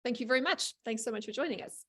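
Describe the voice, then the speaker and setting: A woman's voice: a little high, quick pace, fairly bright tone, breathy edge. A woman hosting a podcast, summing up firmly and with conviction. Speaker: podcast host. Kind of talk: casual chat.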